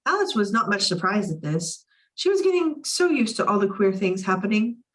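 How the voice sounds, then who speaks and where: A woman reading a children's novel aloud for a library in a lively, expressive way. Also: medium pitch, normal speed, recorded from a distance. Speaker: library storytime reader.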